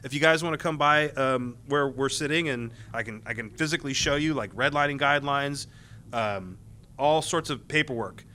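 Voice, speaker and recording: A man speaking on a convention panel, telling loose, rambling stories about his time as a game tester, with frequent restarts and quick laughs. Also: medium pitch, pushed and bright, a little hiss or hum.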